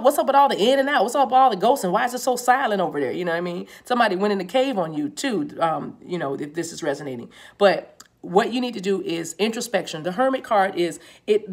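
A woman's voice: mid-range voice, lively intonation, fast. A woman giving a casual tarot reading to her viewers, chatty and repeating herself, with laughs often. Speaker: tarot reader.

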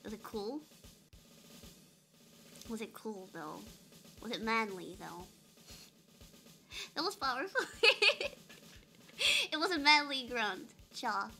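A woman's voice: on the high side, lively intonation, slow pace, vocal fry, long pauses, bright, forceful tone, faint music behind. A young woman streaming a game, chatting playfully with her chat and giggling often. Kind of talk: casual live-stream chat.

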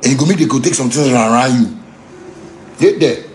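A man with a Ghanaian Pidgin English accent ranting angrily, heated and repetitive, sometimes shouting. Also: mid-range voice, fairly quick, a little hiss or hum. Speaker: musician ranting on a livestream. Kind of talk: angry unscripted rant.

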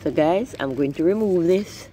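A woman's voice: lowish voice, lively intonation, normal speed, mellow, a little hiss or hum, low-quality recording. Effusive woman touring her garden. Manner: effusive, keeps calling out "my people" and exclaiming. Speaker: garden vlogger. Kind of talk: casual vlog, filming and narrating a garden tour. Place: outdoors in a home garden. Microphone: phone camera held while walking.

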